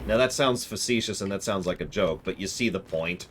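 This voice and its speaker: A man's voice: deep voice, fairly quick, noisy background. A man streaming a video game, rambling and joking about game lore in casual chat.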